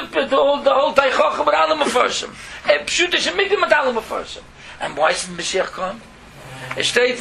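A man's voice: very high voice, gravelly, a little hiss or hum. A man telling a religious story in a Torah talk, repeating phrases for emphasis. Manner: animated, repeating phrases, mixing languages.

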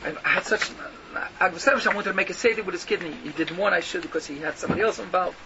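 A man's voice: high-pitched, very fast. A man giving an emphatic yeshiva-style Torah lecture, firing rhetorical questions and mixing in Yiddish and Hebrew terms. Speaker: rabbi giving a Torah talk. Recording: muffled lo-fi recording with noticeable background noise.

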